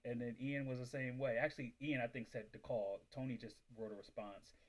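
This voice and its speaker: Man, livestream host, casual storytelling, animated, mid-pitched voice, lots of "like". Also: a little fast. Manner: animated, acts out quoted voices, heavy use of "like". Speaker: reselling business livestream host.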